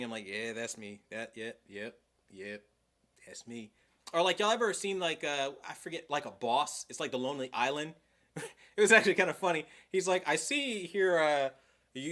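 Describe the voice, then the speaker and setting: A man's voice: a little high, a bit bright. Heated, rambling young man. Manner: heated, profane, rambling with many "like"s. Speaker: livestream host. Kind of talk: casual livestream chat.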